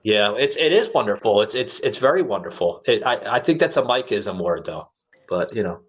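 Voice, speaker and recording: A man's voice: fairly low pitch, sing-song, a little fast, breathy edge. A man from New York with a New York accent, hosting a casual podcast chat in a blunt, teasing, joking way. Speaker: podcast host.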